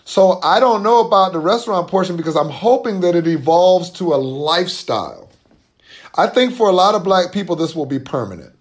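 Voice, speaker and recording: Appearing as an interview guest, this boycott organizer presses his points earnestly and emphatically, often restarting mid-thought. He has a high-sitting, expressive voice and talks fairly quickly.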